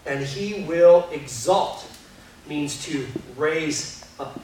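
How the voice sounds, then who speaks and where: A man preaching a sermon as pastor, conversational and earnest, sometimes quick and sometimes slow for emphasis. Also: a little high, a little hiss or hum. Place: church sanctuary. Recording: distant mic in a very echoey hall with faint guitar.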